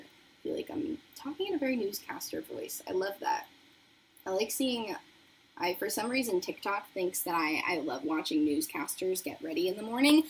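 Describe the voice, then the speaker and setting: A woman's voice: lowish voice, very animated, moderate pace, slightly rough, poor audio. A young woman chatting casually on a makeup livestream, bubbly and talkative as she reads viewer comments. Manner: chatty and bubbly, reading chat aloud. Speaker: beauty livestream host. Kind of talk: casual livestream chat while doing makeup.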